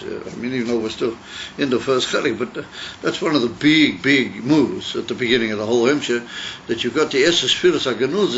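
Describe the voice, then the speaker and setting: A man's voice: mid-range voice, a bit bright, a little hiss or hum. A man, a rabbi, teaching a text-study class, explaining and thinking aloud with frequent restarts. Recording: dull lo-fi recording.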